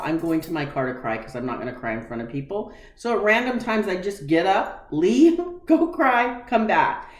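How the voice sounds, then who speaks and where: In a reverberant room of her home, a woman in her forties with a low-sitting voice tells a personal story candidly and with emotion. She animates the retelling by acting out the conversations she remembers, quoting the dialogue.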